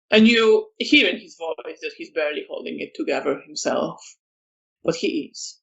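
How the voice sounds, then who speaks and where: A storyteller narrating a vampire tabletop game in slow, descriptive lines with fillers. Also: mid-range voice, animated, vocal fry, highs cut off.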